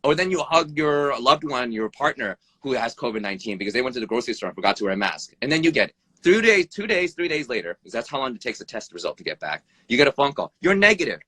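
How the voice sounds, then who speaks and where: A man who works as an emergency room doctor, talking bluntly over a live video stream, swearing freely, his pitch jumping up and down, and tagging "right?" onto his points. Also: fast, few pauses, slightly rough, no room sound. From United States. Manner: animated, pitch jumps up and down. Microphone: phone or video call mic.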